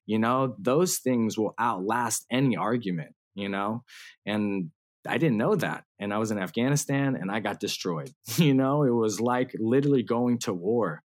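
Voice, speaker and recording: A man's voice: on the low side, moderate pace. A man in his thirties telling his story as a guest in a casual interview, laughing often and using slang and fillers. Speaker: guest musician.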